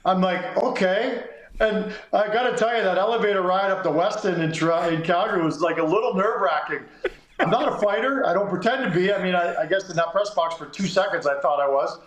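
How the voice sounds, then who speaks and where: A middle-aged man spins a lively anecdote, slipping into the voices of the people in it. His voice sits a bit high for a man, and the room around him rings with echo. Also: brisk. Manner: animated anecdote telling, acts out quotes. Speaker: sports columnist guest. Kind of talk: casual storytelling.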